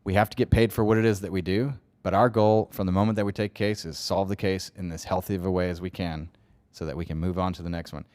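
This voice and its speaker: Smooth low-voiced male attorney, chatty. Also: a little mellow. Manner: chatty, acts out quoted remarks. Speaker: law firm owner and attorney. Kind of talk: casual podcast conversation.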